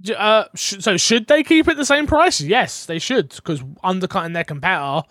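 A man's voice: high voice, expressive, moderate pace, fairly bright tone, no echo, clean studio sound. A man hosting a casual gaming podcast, talking in a rambling, hesitant way full of fillers. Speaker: podcast host.

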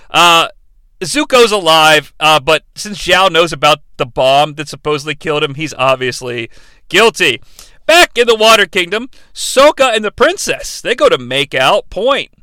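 A man's voice: a little high, lively intonation, moderate pace, sharp tone, smooth, dry recording. A man hosting a podcast, recapping a film in a sarcastic, rambling and profane way. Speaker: podcast host reviewing a film. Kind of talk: casual comedic film recap.

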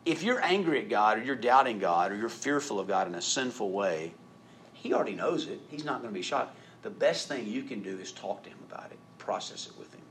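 A man preaching a sermon in an animated way, acting out quoted voices and rising to loud emphatic peaks. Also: lowish voice, brisk, slight background noise. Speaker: pastor.

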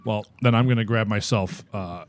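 Rambling, profane podcast host. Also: male voice, on the low side, normal speed. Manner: rambling, profane, laid-back. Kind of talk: casual chat.

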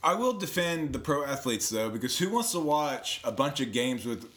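A man's voice: medium pitch, sing-song, normal speed, fairly bright tone. Young guy cracking crude jokes on a podcast, voice goes up and down a lot. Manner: profane, joking and offhand. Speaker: podcast co-host. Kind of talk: casual chat.

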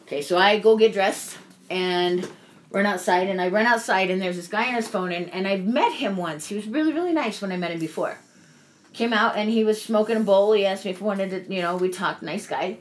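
A woman candidly telling a personal story in casual conversation, animated and swearing freely. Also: mid-range voice, a little fast. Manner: animated, acts out quoted voices, swears freely.

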